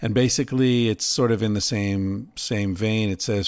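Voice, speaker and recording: A middle-aged man hosting a podcast, musing in an unhurried, casual way and swearing now and then. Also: on the low side, steady tone, darkish tone, clear, resonant tone, no echo. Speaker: podcast host. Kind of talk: reflective casual monologue.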